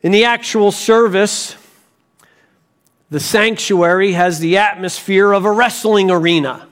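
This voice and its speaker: Pastor guy preaching slow in a church, fairly high voice, gets animated telling stories. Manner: deliberate preaching, rising to animated storytelling. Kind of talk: sermon.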